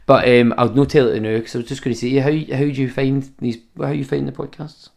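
A man's voice: mid-range voice, fairly quick, creaky. A Scottish man hosting a podcast, telling travel stories in casual chat and swearing freely. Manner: animated storyteller, swears freely. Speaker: podcast host.

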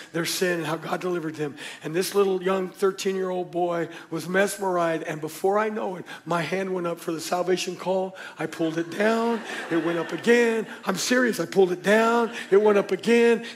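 A middle-aged male pastor preaching a sermon, telling stories and acting out the voices, dropping to a hush and then rising to a shout. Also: high voice. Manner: storytelling preacher, acts out voices, swings from hushed to shouting.

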